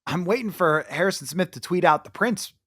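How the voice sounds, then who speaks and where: A man hosts a casual sports podcast, speaking in a fairly high voice on a dry, close microphone. He talks animatedly and breaks into playful mock voices when quoting fans. The room sound is tight, with no echo. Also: animated, brisk, fairly bright tone. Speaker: podcast host.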